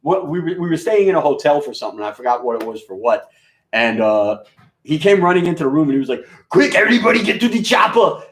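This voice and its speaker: A man's voice: mid-range voice, expressive, quick pace. A man from New York with a mixed New York accent, a radio DJ chatting casually, rambling, profane and joking with lots of fillers. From New York, USA. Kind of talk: casual live-stream chat. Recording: echoey room.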